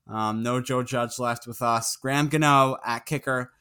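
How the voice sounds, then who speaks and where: A man's voice: mid-range voice, steady tone, measured pace, bright, forceful tone, clean tone. A young man co-hosting a casual sports podcast, talking in a rambling way full of fillers and small laughs. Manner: rambling, filler-heavy, chuckling. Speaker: podcast co-host.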